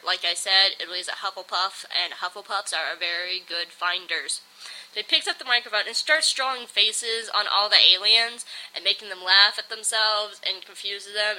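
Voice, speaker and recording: Young woman gushing through a review, rambly, lots of "like", really bright sharp voice. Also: mid-range voice, low-quality recording. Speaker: video reviewer. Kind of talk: casual anime review.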